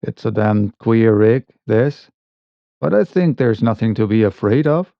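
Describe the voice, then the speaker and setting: A man voicing a blunt, steady sailor on night watch, speaking low and gruff. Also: a little slow, dry recording. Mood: wary. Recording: dull lo-fi recording.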